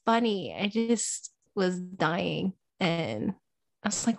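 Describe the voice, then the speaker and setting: A woman in her thirties co-hosting a podcast in casual chat, animated and acting out her kids' voices. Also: fairly low pitch, slow, creaky. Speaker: podcast co-host.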